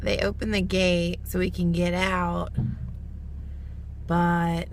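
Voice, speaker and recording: A woman's voice: lowish voice, flat delivery, a little slow, gravelly. A young woman vlogging casually from her car while driving through snow, chatty and exasperated, laughing often. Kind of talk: casual vlog chat. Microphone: phone camera. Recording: car noise behind the voice.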